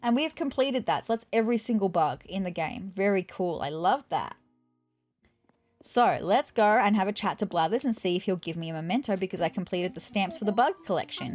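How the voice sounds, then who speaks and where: A woman's voice: fairly low pitch, expressive, normal speed, a little mellow, soft background music. Woman, gaming commentary, casual, chatty, squeamish, thinking aloud. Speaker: gaming YouTuber. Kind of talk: casual let's play commentary.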